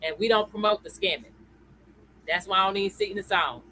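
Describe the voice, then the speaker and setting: A woman teaching on a live stream, with a bright voice at a middle pitch. She talks in a loose, chatty way and keeps turning to the viewers with "y'all" and "all right?". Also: a little fast, a little hiss or hum, poor audio. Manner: chatty, greets viewers by name, tags lines with "okay?" and "y'all". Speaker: crypto educator hosting a live stream. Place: at home computer.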